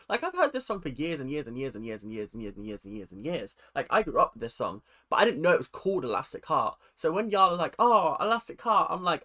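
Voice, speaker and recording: A man chats his way through a reaction video from his bedroom. His voice sits a little high and sounds bright and forceful, and he keeps the talk loose and animated with sudden squealing mimicry. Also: fast talker, few pauses. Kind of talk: casual commentary.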